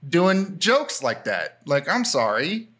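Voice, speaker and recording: A man's voice: on the high side, big pitch swings, slow pace, fairly bright tone, slightly rough. A man, a comedian hosting a podcast, giving critical, filler-heavy commentary in casual chat.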